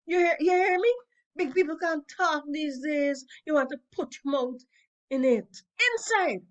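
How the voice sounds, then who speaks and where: A woman voicing a sharp-tongued, scolding middle-aged mother as she reads a play aloud, loud and mocking. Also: high-pitched, a little slow, muffled recording, pitched above the performer's own voice. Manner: loud, mocking, dialect-heavy.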